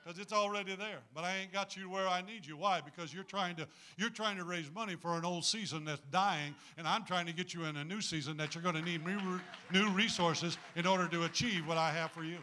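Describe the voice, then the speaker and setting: A man preaches a sermon in a church. His voice sits high and rings very bright and sharp. He talks in a folksy, humorous way and keeps calling on the congregation to answer back. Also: fairly even intonation, brisk, few pauses.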